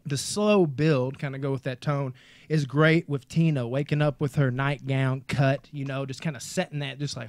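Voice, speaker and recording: A man from Kentucky hosting a casual movie podcast, excitable and profane, calling everyone dude. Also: medium pitch, moderate pace, no room sound. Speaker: podcast host.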